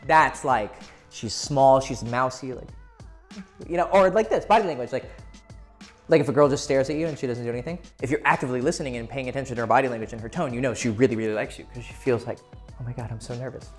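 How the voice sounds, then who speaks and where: A man's voice: medium pitch, fast talker, faint music behind. A man giving casual, blunt dating advice to camera, swearing freely and acting out what people say. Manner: blunt and profane, acting out quoted voices.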